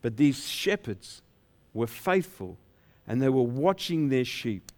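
A man's voice: medium pitch, sing-song, slow, a little mellow. A male pastor preaching a sermon in a playful storytelling way, acting out the shepherds' dialogue.

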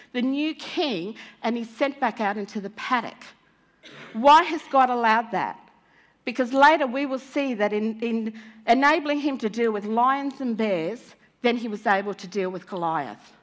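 A woman preacher retelling a Bible story in a sermon with animated storytelling, acting out the lines of the people in it. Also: fairly high pitch.

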